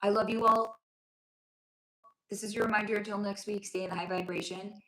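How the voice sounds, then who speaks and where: In a rough recording from an echoey room, a woman speaks briskly in a steady, bright, forceful mid-range voice. She's a spiritual reader and livestream host living in Los Angeles, chatting affectionately with viewers from home and reading chat aloud as a sore throat takes her voice.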